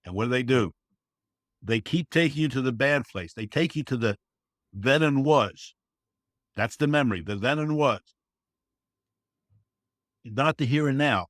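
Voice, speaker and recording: Unhurried and pausing often, a man with a medium-pitched, slightly bright voice chats as a podcast guest. He trains service dogs and comes across earnest and folksy, frequently saying "you know" and performing quotes. The audio is clean studio sound with no room sound.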